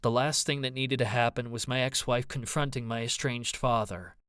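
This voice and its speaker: A man's voice: medium pitch, steady tone, normal speed, a bit bright, clean tone, no echo, studio quality. A man narrating an audiobook in first person, with a brooding, introspective manner.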